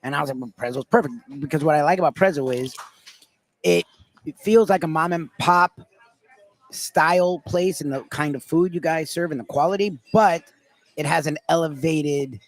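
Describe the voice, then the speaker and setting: A man's voice: fairly high pitch, moderate pace. A man chatting casually as a guest, laughing easily and rambling through anecdotes. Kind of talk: casual chat.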